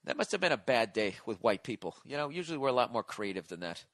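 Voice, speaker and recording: A man's voice: medium pitch, very animated, fast talker, a bit bright, dry recording, clean studio sound. A man in his forties hosting a podcast, rambling through a profane comedic monologue while on cold medicine and reading listener letters aloud. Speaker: podcast host.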